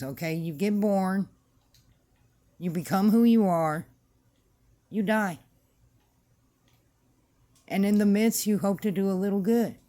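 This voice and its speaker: A woman vlogger holds forth to camera in a blunt, emphatic rant, circling back over the same points. She talks slowly and deliberately. Her voice has a mellow, warm color. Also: mid-range voice. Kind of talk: casual opinion rant to camera.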